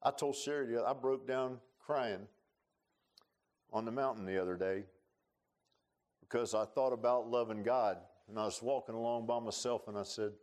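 A man preaching an earnest, emotional sermon in a church, with rising bursts and soft confessional drops. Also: mid-range voice, steady tone, moderate pace. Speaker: pastor. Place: church sanctuary.

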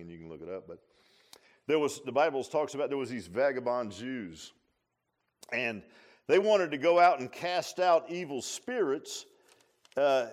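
A pastor giving a conversational sermon in a folksy manner, often repeating and restarting phrases and adding humorous asides. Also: male voice, medium pitch.

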